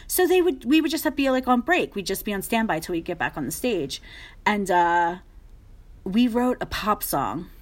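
Speaking at a normal speed in a sing-song, medium-pitched voice, a woman recounts a comical backstage tale. She laughs frequently, imitates other people's lines, and fills her speech with "like."

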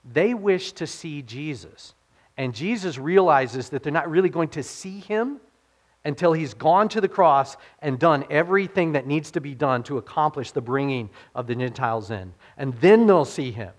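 Man, pastor, slightly high voice, casual sermon, rhetorical questions, quotes scripture more softly. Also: expressive, moderate pace. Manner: informal, with rhetorical questions to the congregation; drops his voice to quote scripture. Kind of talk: conversational sermon.

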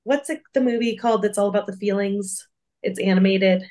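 A woman's voice: mid-range voice, brisk, darkish tone. A woman co-hosting a faith-based podcast, talking earnestly and reflectively with many fillers. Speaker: podcast co-host.

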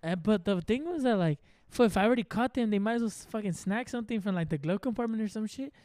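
A young man in his early twenties with a notably high voice, co-hosting a laid-back podcast. He tells stories in a loose, profane way, acting out what everyone said. The sound is close and dry, with no room echo. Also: fast. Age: early 20s. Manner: profane, animated storytelling with acted-out quotes. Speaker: podcast co-host. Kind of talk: casual podcast chat.

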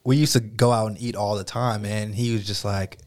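A man's voice: fairly low pitch, steady tone, brisk, a little mellow. A young man co-hosting a casual podcast, talking in laid-back slang and calling people bro and dude. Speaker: podcast co-host.

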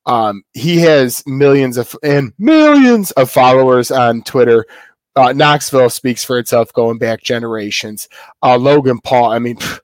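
A man co-hosts a casual wrestling podcast at a middle pitch. He rambles and restarts his sentences often. The sound is dry and close. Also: lively intonation, a little slow, no echo. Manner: rambling, many fillers and restarts. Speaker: co-host.

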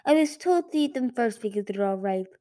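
A woman's voice: on the high side, expressive, fairly quick, warm tone, close to an everyday voice. A woman doing a sleepy, mumbling young dragon. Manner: mild, mumbling. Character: sleepy, slow-witted young male dragon.

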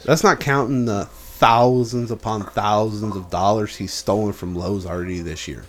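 A man's voice: lowish voice, steady tone, normal speed. A man co-hosting a podcast, talking casually and bluntly, heavy on swearing as he vents about his job. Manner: blunt and profane, venting about work. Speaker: podcast co-host. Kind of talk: casual chat.

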